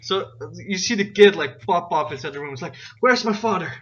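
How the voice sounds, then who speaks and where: A man's voice: a little high, quick pace. A man narrating as game master in casual tabletop play, rambling with many "like" fillers. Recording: dull lo-fi recording, faint noise.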